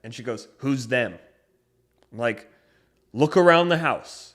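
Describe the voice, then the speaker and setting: A young man co-hosting a podcast, rambling through a story with lots of swearing and getting loud when riled up. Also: medium pitch, lively intonation, unhurried. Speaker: podcast co-host. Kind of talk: casual chat.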